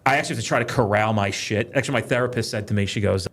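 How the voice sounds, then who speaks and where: A man talking in a casual podcast chat, profane and quick, telling animated stories about his kids and work. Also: on the low side, slightly rough. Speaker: podcast guest, police trainer.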